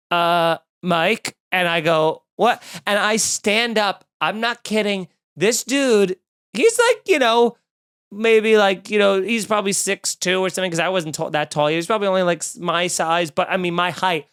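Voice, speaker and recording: A comedian hosting his podcast, telling a story in a casual, animated way, swearing and acting out what people said. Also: high-pitched, no echo, clean studio sound. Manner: animated, swearing, acts out quotes.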